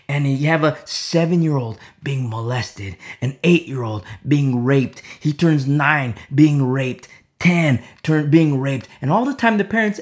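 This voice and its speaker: A preacher telling stories in an impassioned sermon, swinging between loud outbursts and hushed near-whispers and repeating phrases for emphasis. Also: mid-range voice, big pitch swings, slow pace.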